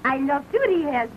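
An actress playing a vain, temperamental young French film star with a French accent, coquettish and given to fiery theatrical outbursts. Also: female voice, high-pitched, full character voice. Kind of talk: 1920s early talkie acting. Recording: dull early film soundtrack, faint hiss.

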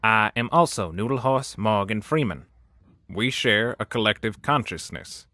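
A man voicing a solemn male hive-mind creature in a comic meme voice-over, speaking slowly and gravely. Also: lowish voice, lively intonation, sharp tone, no echo.

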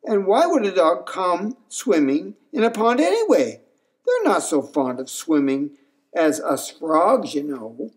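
A man's voice: high voice, very animated, unhurried. A man voicing a skeptical male frog who mocks and argues. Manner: mocking and incredulous.

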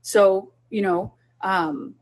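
A woman's voice: mid-range voice, steady tone, drawn-out words, slightly rough. A woman who is a child development specialist, talking parents through a group session in an earnest, instructive way.

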